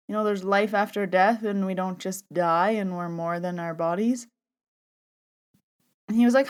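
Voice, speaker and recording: A young adult woman hosting a podcast, telling a story in a chatty, animated way and acting out the dialogue she quotes. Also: medium pitch, brisk, long pauses, smooth. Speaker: podcast host. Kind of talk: casual storytelling monologue.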